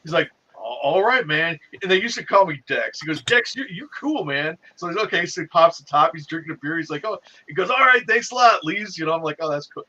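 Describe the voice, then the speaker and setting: A man's voice: fairly high pitch, quick pace, few pauses. A man in his fifties telling a story in a casual chat, acting out quotes. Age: 50s. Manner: animated, acts out quotes. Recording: dull lo-fi sound.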